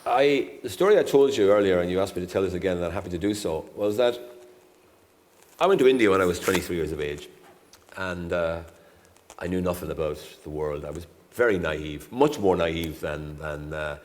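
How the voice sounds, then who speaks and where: Guy in his 60s, low voice, laid-back rambling storyteller, big hall echo. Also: a little fast. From Ireland. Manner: relaxed, rambling, self-deprecating. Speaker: ambassador, guest speaker. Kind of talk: anecdotal storytelling on stage. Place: university lecture hall. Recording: reverberant lecture hall.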